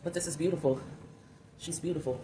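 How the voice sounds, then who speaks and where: A woman's voice: sits low, brisk, low-quality recording. A woman sculpting clay while she talks candidly and reflectively to her viewers, calling them y'all. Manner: candid and reflective, musing aloud. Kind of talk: casual talk while sculpting. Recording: steady background noise.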